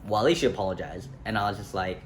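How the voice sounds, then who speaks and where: Low-voiced man rambling through a story. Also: rapid-fire. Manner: rambling, self-correcting, many fillers and "like". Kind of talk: casual storytime vlog. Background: faint street ambience, passing traffic.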